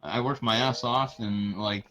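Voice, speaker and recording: A man's voice: lowish voice, steady tone, unhurried, muffled recording. A young man, a speedrunner, chatting casually while playing, rambling and swearing with many restarts. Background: game music.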